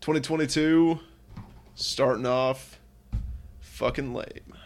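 A man's voice: mid-range voice, takes it slowly. Young guy ranting to his buddy, swears constantly, acts out everyone's lines. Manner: animated storytelling, heavy swearing, quotes himself in raised voice. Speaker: student. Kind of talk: casual chat with a friend.

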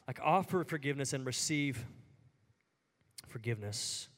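A man preaching a sermon in a conversational way, full of "like" fillers, who climbs high and emphatic at the peaks. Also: lively intonation, normal speed, a bit bright. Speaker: pastor.

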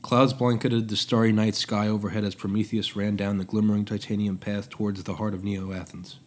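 Man, podcast host, scripted story narration, steady and measured, lowish voice. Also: husky.

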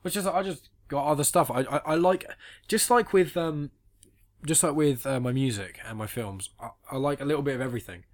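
A man's voice: on the high side, brisk. A man co-hosting a podcast in casual chat, explaining his reasoning at length and teasing his friend. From England. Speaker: podcast co-host.

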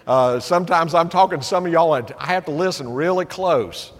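Earnest Tennessee preacher in a reverberant sanctuary. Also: male voice, on the high side. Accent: East Tennessee. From East Tennessee. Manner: earnest and encouraging, with quick bursts and slow emphatic phrases. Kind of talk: sermon. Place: church sanctuary.

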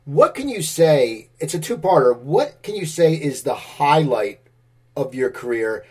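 A man's voice: a little high, sing-song, a little slow, darkish tone, husky. A man hosting a podcast who asks his guest questions with a few restarts. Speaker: podcast host. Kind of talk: interview questions.

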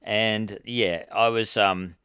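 A man's voice: lowish voice, fairly even intonation, slow pace, bright, forceful tone, clean tone, no room sound, studio quality. A man co-hosting a podcast, telling stories in crude, casual chat and laughing often. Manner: crude, laughs a lot, acts out crowd voices. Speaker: podcast co-host; stand-up comedian.

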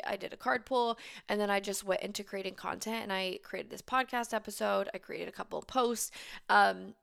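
A woman's voice: medium pitch, vocal fry, fairly bright tone. A woman in her thirties hosting a casual solo podcast as a business coach, chatty and emphatic, swearing and laughing freely, heavily pregnant and short on sleep.

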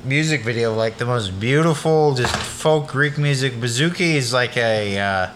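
A man's voice: mid-range voice, moderate pace, background noise. A man co-hosting a podcast who chats casually. He rambles in a laid-back, joking way, full of "like" and "literally". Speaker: podcast co-host. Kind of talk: casual chat.

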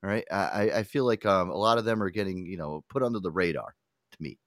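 A man's voice: sits low, fast, dry recording, clean studio sound. A man hosting a radio show in casual, profane banter, often slipping into mocking voices. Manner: animated, profane, breaks into mimicking voices.

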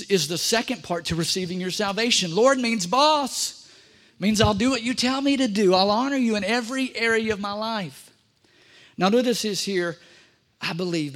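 A man's voice: sits high, fairly bright tone. A man preaching a sermon as pastor, emphatic, repeating key phrases and speaking straight to the congregation.

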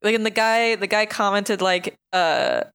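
A woman's voice: medium pitch, fairly even intonation, a little slow, a bit bright, clean tone. Chatty female podcast host. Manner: chatty, rambling, laughs easily. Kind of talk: casual chat, reading news stories.

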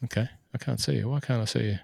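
A man's voice: medium pitch, fairly even intonation, quick pace, creaky, a little mellow, husky, no echo. A man co-hosting a casual golf podcast over a video call, chatting easily and laughing often, a self-described equipment nerd. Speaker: podcast co-host.

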